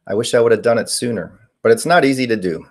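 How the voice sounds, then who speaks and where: A man's voice: mid-range voice, fast talker. A man in his forties hosting a casual live stream, answering viewer questions in a rambling way with many fillers. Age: 40s. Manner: rambling, reading chat questions aloud with fillers. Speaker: paranormal live-stream host.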